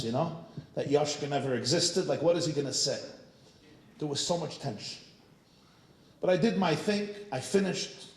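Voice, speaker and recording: A man, a rabbi, telling a humorous story to a synagogue audience, animated and joking, with frequent asides to the crowd. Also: fairly high pitch, roomy sound, low-quality recording. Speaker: rabbi, guest speaker. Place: synagogue hall.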